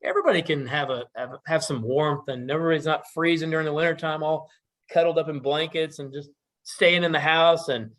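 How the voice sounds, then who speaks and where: A man's voice: a little high, steady tone, a little fast, a bit bright, close to an everyday voice. A man voicing a determined, clever young grandson setting out on a quest. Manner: earnest, determined.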